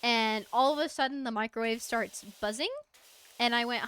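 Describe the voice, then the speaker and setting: Chatty American woman streamer, slightly high voice, casual and giggly. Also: normal speed, a bit bright, clean tone. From United States. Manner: chatty, rambling storyteller who laughs often. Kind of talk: casual stream chat while gaming.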